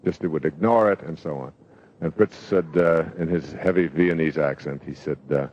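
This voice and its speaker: An older man giving a motivational lecture, telling stories in a reflective way with pauses and fillers. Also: a bass voice, darkish tone. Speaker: motivational speaker. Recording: dull lo-fi lecture recording.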